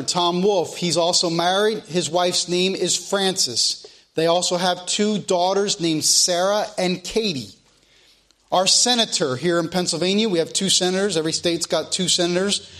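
A man, a pastor, preaching a sermon and leading prayer in slow, emphatic phrases, sometimes repeating himself. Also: high-pitched, fairly bright tone.

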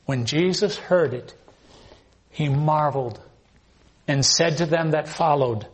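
Male preacher, high voice, emphatic verse-by-verse sermon. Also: measured pace. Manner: emphatic, acts out scripture scenes. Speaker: pastor. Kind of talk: expository sermon reading scripture.

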